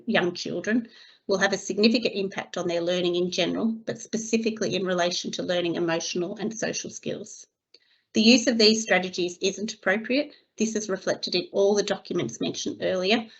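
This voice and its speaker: A woman giving a scripted training webinar for early childhood educators, reading her slides in a steady, measured way. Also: medium pitch. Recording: slightly dull lo-fi recording.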